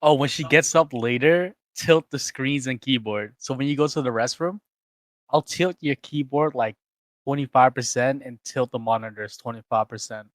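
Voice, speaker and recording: A man's voice: medium pitch, moderate pace, dry recording. A young man with a mid-range voice banters playfully on a stream, teasing his co-host. His voice is dry and close to the mic. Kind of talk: casual stream chat.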